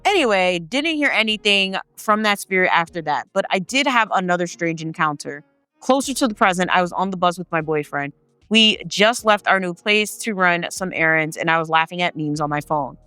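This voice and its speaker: A woman reads listeners' stories aloud in a bright, smooth voice and keeps stopping to react in loose, slangy chat. The sound is dry and close, with faint music underneath. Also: lowish voice, lively intonation, moderate pace, no echo. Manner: chatty, slangy asides between read passages. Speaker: host reading viewer stories. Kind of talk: reading stories aloud with casual commentary.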